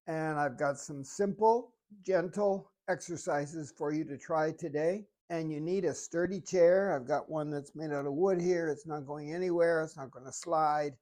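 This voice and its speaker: A fitness instructor giving calm, step-by-step exercise coaching while demonstrating the moves. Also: mid-range voice.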